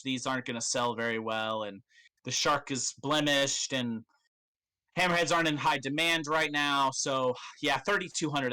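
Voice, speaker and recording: A man's voice: mid-range voice, sharp tone. A man voicing a haggling male fish merchant in a tabletop role-playing game, talking in a placating, wheedling way. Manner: placating, wheedling salesman talk.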